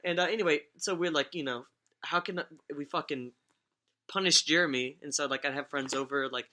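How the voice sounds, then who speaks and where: On a laid-back storytelling podcast, a young man speaks a little fast in a sharp, fairly high voice. He wanders from tale to tale, cursing and frequently breaking into laughter.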